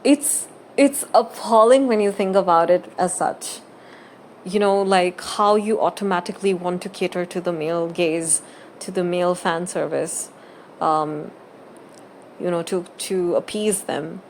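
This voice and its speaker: A woman's voice: lowish voice, unhurried, a little mellow, a little hiss or hum. A woman who makes gaming videos, talking through her opinions in casual, earnest and emphatic commentary.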